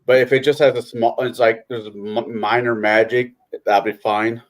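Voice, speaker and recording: A man's voice: mid-range voice, little pitch movement, moderate pace. A man talking earnestly and a bit hesitantly in a casual group chat.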